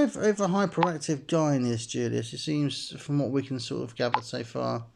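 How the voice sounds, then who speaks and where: A man with a gravelly, creaky voice, talking through a chat story game as he plays. He reads the messages aloud and wanders off into loose asides, filling nearly every sentence with "sort of" and breaking into laughter often. His pitch sits in an ordinary middle range. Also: moderate pace, darkish tone, slight background noise. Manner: rambling, heavy use of "sort of", laughs often. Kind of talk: let's-play commentary, reading in-game messages aloud.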